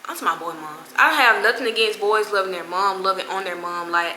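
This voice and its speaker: A woman's voice: medium pitch, brisk, sharp tone, roomy sound, slight background noise, rough recording. A young woman telling a story to her viewers in casual, slangy chat, with laughing asides. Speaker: vlogger.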